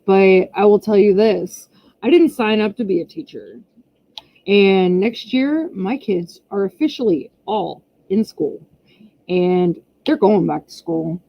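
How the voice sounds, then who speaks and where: Woman host chatting on a home livestream, mid-pitched voice, chatty and exasperated storytelling. The audio is slightly muffled and lo-fi, picked up by a camera pointed down. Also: lively intonation, slow. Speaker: channel host. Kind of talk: casual livestream chat.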